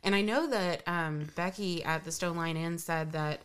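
A woman hosting a podcast in casual chat, excitable and gushing. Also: lowish voice, normal speed, smooth. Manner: gushing, excitable, lots of exclamations. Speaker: podcast host.

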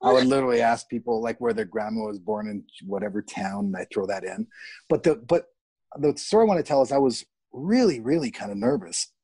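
A middle-aged man from Canada, an actor, telling candid, animated stories about film sets in a casual interview and swearing freely. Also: mid-range voice, brisk, slightly rough, no room sound. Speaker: actor guest.

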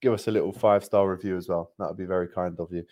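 A young man hosting a football podcast, chatting casually in an upbeat way, telling stories and giving shout-outs. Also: sits low, fairly even intonation, racing. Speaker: podcast host.

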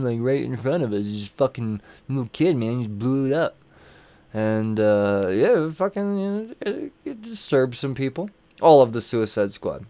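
A man's voice: mid-range voice, darkish tone. A man casually recapping comic books, rambling and swearing freely, with many fillers and restarts. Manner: rambling, profane, with frequent fillers. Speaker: comic book reviewer.

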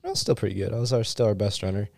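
Gravelly teen boy, laid-back answers. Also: fairly low pitch, steady tone, very fast, darkish tone, dry recording, studio quality. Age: teens. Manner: laid-back, hesitant with ums. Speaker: podcast guest, student runner. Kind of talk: casual interview answers.

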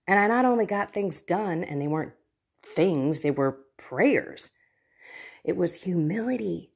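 A slightly rough, darkish mid-range voice carries this middle-aged woman's expressive delivery at a moderate pace. She's a faith coach hosting a devotional podcast, speaking earnestly and casually about her personal prayer life while encouraging listeners to act.

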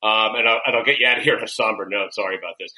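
Middle-aged radio guy, bright voice, friendly and jokey, loose chatty delivery. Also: lowish voice, fairly even intonation, low-quality recording. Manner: friendly, joking, quick to laugh. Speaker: radio host. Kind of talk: casual remote chat.

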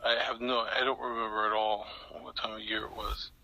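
A man's voice: lowish voice, level tone, brisk, sharp tone, rough recording. An older man being interviewed, telling a long story in a rambling way with many restarts and fillers. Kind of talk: recounting an anecdote in an interview.

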